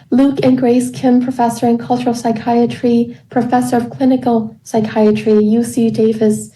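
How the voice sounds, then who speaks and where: A woman reading a passage aloud and then moderating a panel in a measured, formal way. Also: a little high, mellow, far from the mic, rough recording.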